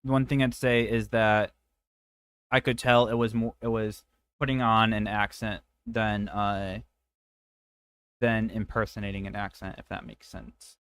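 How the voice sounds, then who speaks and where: A man hosting a game stream, chatting casually and pausing to weigh his words about voice acting. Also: fairly low pitch, level tone, a bit bright, clear, resonant tone, no echo. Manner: hesitant, critiques voice acting. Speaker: streamer host. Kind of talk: casual chat while gaming.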